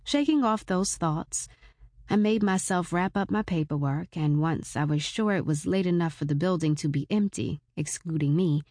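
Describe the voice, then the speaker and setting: Woman in her 40s reading a first-person audiobook, lowish voice, blunt and wry, swears casually, dry close sound. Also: darkish tone, no room sound. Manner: frank, wry, casually profane. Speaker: audiobook narrator.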